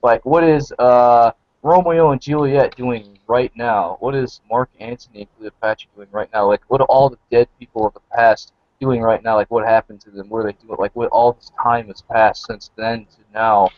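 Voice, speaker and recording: A man in his late twenties rambles through casual stories, packing his talk with fillers. His voice sits at an ordinary pitch. The sound is dry and a little muffled, like a lo-fi voice chat. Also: steady tone, normal speed, few pauses, dry recording. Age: 20s. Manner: rambling, filler-heavy storytelling. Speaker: participant.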